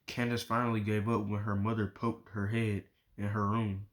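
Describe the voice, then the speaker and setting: A man reading a novel aloud, chapter by chapter, in steady unhurried narration. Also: lowish voice. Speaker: audiobook reader.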